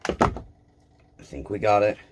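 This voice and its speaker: A man's voice: slow, background noise. A man talking casually to his viewers while he repairs a chainsaw, blunt and self-deprecating, with rambling asides. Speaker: small engine repair vlogger.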